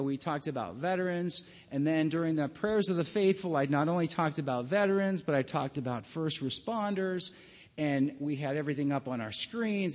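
A man preaching a sermon as pastor, earnest and halting, often restarting his words. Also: on the high side, big-room sound.

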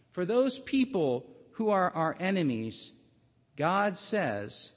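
Man preaching in a reverberant hall. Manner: storytelling, dramatic swings in pitch and volume. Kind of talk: sermon.

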